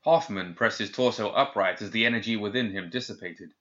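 A man narrating an audiobook in a steady, measured reading. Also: lowish voice. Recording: dull lo-fi recording.

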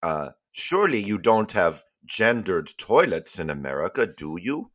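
A man's voice: low-pitched, very animated, measured pace, a bit bright, heavily acted. A man voicing a polite, naive visitor in a comedy sketch, speaking formally. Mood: genial.

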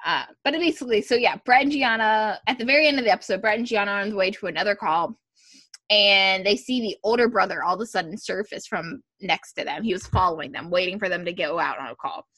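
A woman's voice: medium pitch, fast talker, bright, forceful tone, dry recording, studio quality. A woman co-hosting a podcast, chatting casually and animatedly as she recaps a TV episode, with plenty of filler words. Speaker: podcast co-host.

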